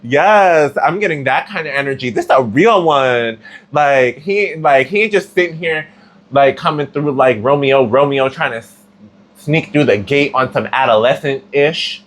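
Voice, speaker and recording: A man's voice: mid-range voice, a little slow, fairly bright tone. A man giving a casual tarot reading, chatty and slangy, with plenty of filler words. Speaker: tarot reader.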